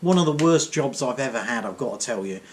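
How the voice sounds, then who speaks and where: A man's voice: medium pitch, animated, fast talker, slight background noise. A middle-aged man telling a comic story in a chatty, wry way, full of asides and tag questions. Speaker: vlogger. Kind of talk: casual comic storytelling monologue.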